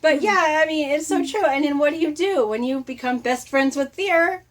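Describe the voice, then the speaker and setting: A middle-aged woman talks in a chatty, animated way in a casual motivational vlog. Her voice sits a touch high, and she keeps breaking into laughs and playful acted-out lines as she rambles through her points. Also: moderate pace. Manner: chatty and animated, laughs often, acts out quotes. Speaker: motivational vlogger.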